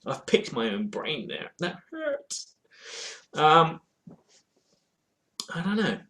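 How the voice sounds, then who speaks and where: A man's voice: fairly high pitch, very animated, slow pace, creaky, fairly bright tone. A man in a casual webcam chat about board games, answering viewer questions in a rambling, hesitant way with lots of fillers and restarts. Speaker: board game vlogger. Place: at home in front of a game shelf.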